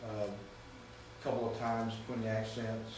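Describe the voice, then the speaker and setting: A man's voice: lowish voice, little pitch movement, normal speed, far from the mic, background noise. Echoey classroom lecture by a man. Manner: patient, checks understanding often. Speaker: Greek teacher. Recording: echoey room recorded from afar.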